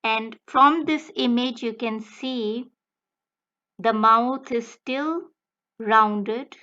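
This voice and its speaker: A woman language tutor giving a slow, deliberate step-by-step explanation of pronunciation. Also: a little high, pushed and bright, highs cut off. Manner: slow, deliberate, breaks words into careful phrases.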